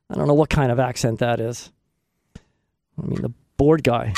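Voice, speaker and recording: A man's voice: mid-range voice, sing-song, normal speed, vocal fry, darkish tone, dry recording. A man hosting a radio show from a studio, rambling casually and joking at his own expense. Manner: joking, self-mocking, talks to himself. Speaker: radio host. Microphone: studio microphone.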